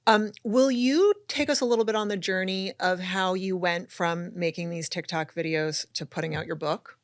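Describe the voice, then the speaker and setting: A woman's voice: fairly low pitch, normal speed, dry recording, clean studio sound. A woman hosting a podcast interview, listening closely and offering frequent affirmations. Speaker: podcast host. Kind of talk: interview, casual chat.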